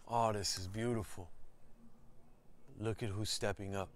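A man's voice: lowish voice, steady tone, unhurried, slight background noise. A male teacher reading a picture book aloud as a lesson, enthusiastic and speaking straight to his listeners. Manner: enthusiastic, exclaiming and addressing listeners. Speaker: ethnic studies teacher. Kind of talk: storybook read-aloud lesson.

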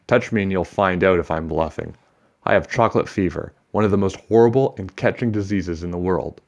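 A man's voice: sits low, brisk, a little mellow. A man reading aloud and voicing a scared but defiant boy in a storybook, earnest and growing bolder.

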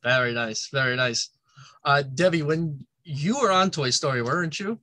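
A man's voice: a little high, lively intonation, moderate pace, bright, forceful tone. A man hosting a casual interview, asking eager questions with stammers and fillers. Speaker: interview host.

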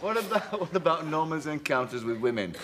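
A man's voice: a little high, big pitch swings, brisk, very noisy. A man hosting a TV chat show, putting chatty questions to his guest. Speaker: talk show host.

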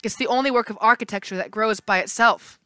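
A woman's voice: on the high side, fast, sharp tone, smooth, no room sound. A woman voicing a clever teenage girl who leads the group in a firm, matter-of-fact way. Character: brainy teenage girl leader, brisk and sure.

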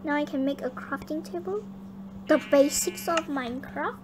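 High-pitched kid girl gaming, chatty and excitable, noisy recording. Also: moderate pace. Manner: excitable, chatty, bossy toward her partner. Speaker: gaming channel host. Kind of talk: casual gameplay chat.

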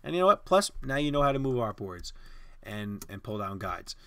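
A man hosting a software design tutorial, explaining each step casually over a screen recording. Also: medium pitch, very animated, moderate pace. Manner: casual, step-by-step instruction with fillers.

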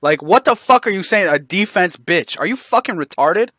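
A man's voice: high-pitched, lively intonation, normal speed, fairly bright tone, dry recording, clean studio sound. Brash, mocking young man on voice chat. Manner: aggressive, mocking, constantly interrupting. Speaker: Discord server host. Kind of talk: heated voice-chat trash talk.

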